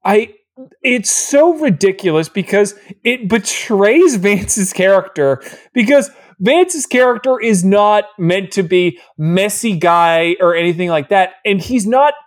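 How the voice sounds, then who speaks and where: A man co-hosting a podcast, mocking a movie in casual, animated chat. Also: high-pitched, a little slow. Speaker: podcast co-host.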